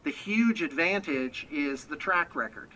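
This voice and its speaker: A man's voice: fairly high pitch, lively intonation, a little slow, pushed and bright, dull audio. An American man, a miniature painting business owner, chatting as a guest on a remote interview and rambling with many restarts. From United States. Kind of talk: casual interview chat.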